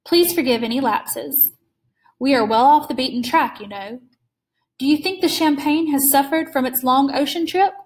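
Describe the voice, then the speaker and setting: A woman reading aloud and voicing a suave, menacing aristocratic male hunter who speaks with slow courtly calm. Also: high-pitched, lightly acted.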